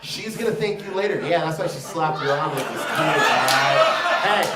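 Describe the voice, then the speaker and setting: A brash stand-up comedian from Florida, a man in his 30s, performs a set with crowd work on a comedy theater stage before a live audience. His high, expressive voice moves at normal speed, crude and prone to loud shouting. The mic sits far off in a roomy space filled with crowd noise.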